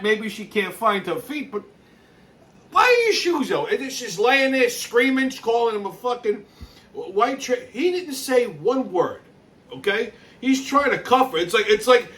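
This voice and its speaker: Profane ranting man, bright voice. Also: high-pitched, recorded from a distance. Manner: profane, exasperated, laughs between remarks. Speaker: host. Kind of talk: ranting commentary on a video clip.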